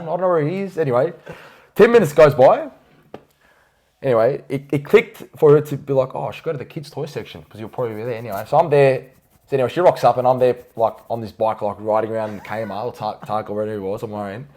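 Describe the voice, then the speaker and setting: Young male co-host, rapid animated storyteller, low register. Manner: animated, fast storyteller using "like" and "bro". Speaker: podcast co-host. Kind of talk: casual storytelling chat.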